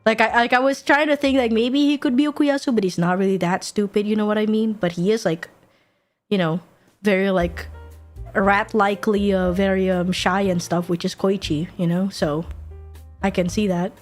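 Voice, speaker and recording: A woman streamer rambling in a casual, excitable way, cursing freely and giggling as she goes. Her voice sits at a mid pitch for a woman, with faint music playing behind her at her desk setup. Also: moderate pace.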